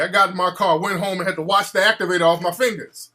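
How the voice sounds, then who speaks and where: A man hosting a call-in show, telling a story in an animated, profane way and acting out the quotes. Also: high-pitched, fast talker. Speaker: radio show host.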